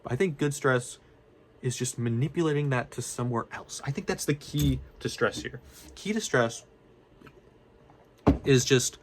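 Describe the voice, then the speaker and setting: Young man, student vlogger, mid-pitched, rambling casual talk, restarts a lot, drops slang. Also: a little slow, long pauses, noisy background. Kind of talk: casual unscripted talk to camera.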